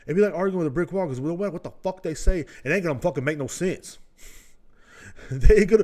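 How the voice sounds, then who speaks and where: Ranting man, fairly high voice. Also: animated, fairly quick, a little mellow. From United States. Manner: blunt, ranting, heavy swearing. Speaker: podcast host. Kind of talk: casual profane monologue. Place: at home indoors.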